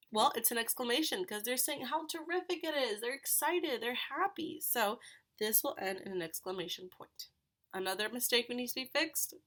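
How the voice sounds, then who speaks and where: A woman's voice: fairly high pitch, a bit bright. A woman teaching a recorded grammar lesson to third graders, patient and explaining step by step with questions.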